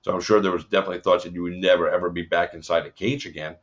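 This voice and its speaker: Deep-voiced man rambling as interview host. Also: steady tone, rapid-fire. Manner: rambling, profane, many fillers. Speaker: podcast host. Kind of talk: casual interview. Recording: dull lo-fi audio.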